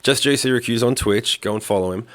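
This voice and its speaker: A man's voice: medium pitch, quick pace. A man co-hosting a podcast in casual chat, talking bluntly and emphatically with a lot of swearing. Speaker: podcast co-host.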